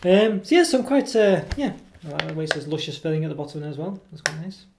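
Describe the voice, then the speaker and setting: A man's voice: on the high side, fast talker, vocal fry, background noise. A man casually reviewing a chocolate product. He rambles and hesitates, full of ums and self-corrections, and pokes fun at himself. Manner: self-deprecating.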